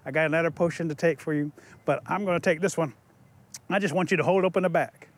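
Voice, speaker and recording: A man doing a low, knowing little mole. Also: fast talker, natural voice. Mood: instructive. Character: little male mole, grumpy but helpful.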